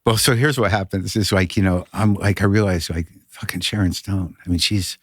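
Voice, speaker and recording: A middle-aged male comedian telling an animated, profane story in casual chat, with many stammering restarts. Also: deep voice, moderate pace, dry recording, studio quality. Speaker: guest comedian.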